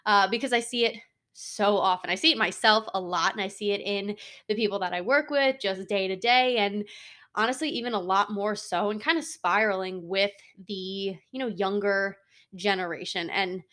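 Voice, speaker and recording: Young woman, twenties, solo podcast host, earnest, casual and chatty, lots of fillers, mid-pitched voice. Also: moderate pace, a bit bright. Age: 20s. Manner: earnest, chatty, heavy on fillers like "like" and "you know".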